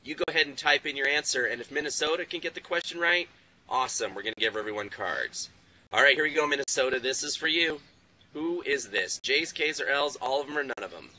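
A man's voice: mid-range voice, lively intonation, fast, background noise. A man hosting a live online class field trip, quizzing school classes in an upbeat, encouraging way. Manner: upbeat, encouraging, praises kids. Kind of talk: live interactive quiz with classrooms.

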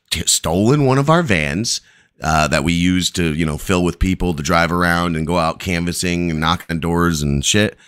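A man's voice: deep voice, sharp tone. A man hosting a live stream, telling a long, rambling story full of profanity.

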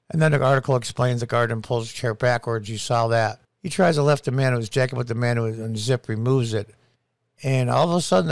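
Middle-aged guy ranting his opinions, emphatic, slows down to hammer points, dry close sound. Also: mid-range voice, vocal fry, no echo. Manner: indignant, emphatic, punches key phrases slowly. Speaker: political commentator. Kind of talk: opinion commentary.

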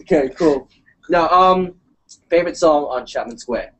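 A man's voice: on the high side, a little slow, fairly bright tone. A Malaysian man hosting a live hangout interview, upbeat and laughing often. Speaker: host.

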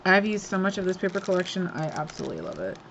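A woman's voice: fairly low pitch, sing-song, very fast, vocal fry, fairly bright tone, highs cut off, slight background noise. A woman hosting a craft swap, chatting casually and gushing over each item as she unboxes it, laughing often.

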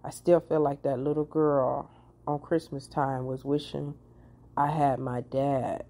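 A therapist and life coach in her forties offers casual advice in a chatty, personal style, tossing animated asides to the viewer. She speaks in a low voice at a measured pace.

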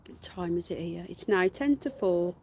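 A woman with a rough, fry-edged voice that sounds unwell and worn, chatting loosely to her viewers. She keeps slipping into a high, drawn-out baby voice for her animals. Faint outdoor noise hums behind her. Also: lively intonation, a little mellow. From United Kingdom. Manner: coos at pets in a high, slow baby voice between chatty asides to viewers. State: unwell, voice going. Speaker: livestream host. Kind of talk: casual live-stream chat. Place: garden outdoors.

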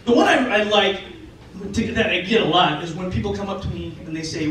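A man doing a stand-up comedy routine, animated and often laughing as he acts out voices. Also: high voice, brisk. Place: live stage venue. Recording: echoey venue, distant mic, loud noise.

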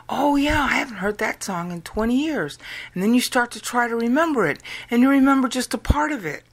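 A woman from the United States explaining an idea to viewers, slow and deliberate, drawing words out and counting them aloud. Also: medium pitch. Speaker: video lecturer. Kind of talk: explanatory talk.

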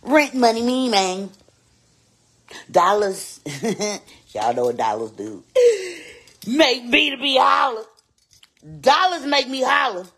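A performer voicing a sassy, vain woman babysitter in a live-streamed comedy skit, loud and teasing, repeating lines and swooping up into squeals. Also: medium pitch, huge pitch swings, very slow, pauses often, a little hiss or hum, exaggerated voice.

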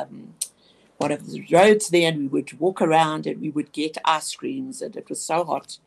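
A woman's voice: fairly low pitch, vocal fry, a little mellow, husky. A woman guest on a radio interview telling a personal story, reflective and earnest, often restarting her sentences.

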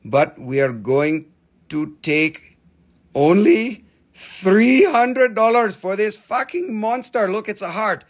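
A man selling crystals on a live stream, rattling off prices and teasing viewers in a playful, joking way that jumps from loud to mumbled. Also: high voice, lively intonation, slow pace. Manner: playful, joking, swings between loud teasing and quiet muttering. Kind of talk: live sales stream patter.

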